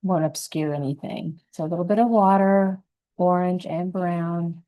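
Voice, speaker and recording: A woman giving a gentle, unhurried step-by-step painting lesson, talking through each brush stroke as she works. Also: fairly low pitch, steady tone, rough recording. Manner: gentle, unhurried, thinking aloud while painting. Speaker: painting instructor.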